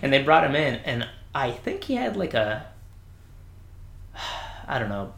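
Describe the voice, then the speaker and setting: A man casually telling stories about his Navy service, acting out the people he quotes with lively voice changes, swearing and laughing often. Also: medium pitch, measured pace, creaky. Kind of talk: casual storytelling chat. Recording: echoey room.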